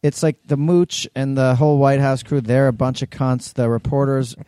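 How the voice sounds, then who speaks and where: A male podcast co-host tossing out crude jokes in loose banter. His voice is warm and mellow, at a middling pitch. It is recorded dry and close. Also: steady tone, normal speed, clean tone, no room sound. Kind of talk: casual chat.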